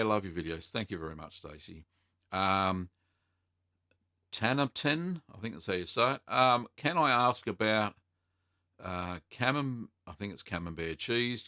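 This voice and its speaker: Reading out viewer comments on his relaxed cheesemaking livestream, an Australian host answers with frequent ums and uhs. He speaks at a fairly low pitch with a sharp tone, captured in a dry, clean studio recording.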